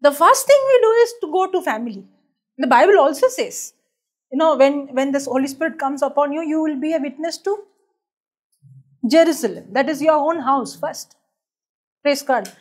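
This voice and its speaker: A woman preaching a sermon in an animated way, acting out other people's complaints and laughing at her own stories. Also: high-pitched, normal speed, long pauses.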